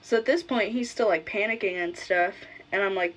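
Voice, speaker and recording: A woman's voice: medium pitch, normal speed, hardly any pauses, rough recording. Blunt young woman telling a story. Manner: blunt, swears casually. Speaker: vlogger. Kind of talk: casual storytelling.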